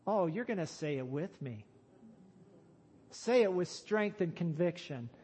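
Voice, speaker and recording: A man preaching a sermon to his church, slow and emphatic, rising to loud calls on key lines. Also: high-pitched, lively intonation, a little hiss or hum. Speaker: pastor.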